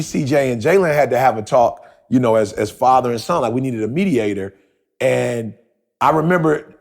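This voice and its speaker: A man's voice: medium pitch, vocal fry, breathy edge. A man co-hosting a podcast, telling a story in casual talk and repeating himself as he goes. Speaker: podcast co-host.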